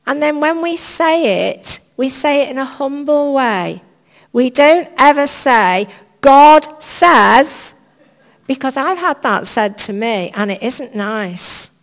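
A woman preacher giving an informal sermon in a church hall, chatty, anecdotal and gently humorous. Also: high-pitched, lively intonation, slow. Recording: long reverb of a church hall.

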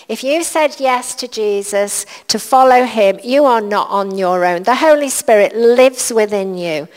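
A woman preaches to her congregation in a slightly high voice, taking her time over every phrase. She is earnest and repeats short lines to drive them home. Her words ring out with the long echo of a large church hall. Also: unhurried. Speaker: church leader. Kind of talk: sermon.

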